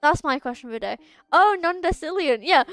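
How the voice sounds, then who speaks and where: Young female game streamer, bright high register, casual and self-mocking, soft music underneath. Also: animated, fairly quick, no room sound. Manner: chatty, stumbles over long words, laughs at herself. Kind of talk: casual chat while reading game dialogue aloud. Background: faint game music.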